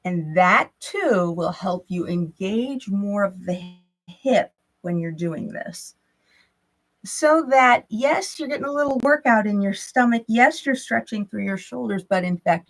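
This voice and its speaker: Woman, yoga instructor, calm guided movement cues, gentle, mid pitch. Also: creaky, low-quality recording. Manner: calm, gently cueing breath and movement, with small laughs.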